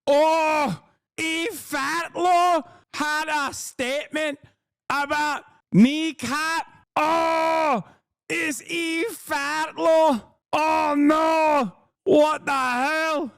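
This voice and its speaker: A man's voice: very high voice, steady tone, drawn-out words, gravelly, a bit bright. A man streaming casual reaction commentary, sarcastic, profane and mocking.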